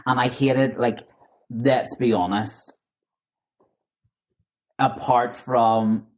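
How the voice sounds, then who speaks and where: A man co-hosting a podcast, chatting casually with quick, joking banter. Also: mid-range voice, fairly even intonation. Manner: playful, bursts into snatches of song. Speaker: podcast co-host. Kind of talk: casual chat.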